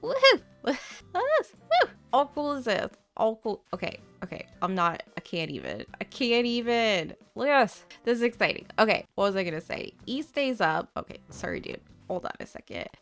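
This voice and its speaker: A woman's voice: mid-range voice, big pitch swings, a little fast, gravelly, hardly any pauses, a bit bright, faint music behind. A woman hosting a video game let's play, chatting in a bubbly, rambling way with tongue-in-cheek conspiracy jokes. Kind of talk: casual gameplay commentary.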